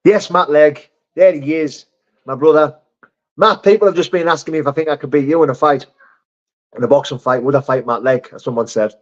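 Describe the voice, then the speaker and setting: A man's voice: fairly high pitch, a little fast, dull audio. A man hosting a casual live stream, reading out chat messages in a blunt, laddish way with swearing and laughter.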